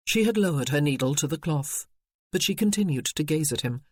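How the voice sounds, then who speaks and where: Measured audiobook narrator, dry close sound. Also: medium pitch, animated, slightly rough, no room sound. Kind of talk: scripted narration.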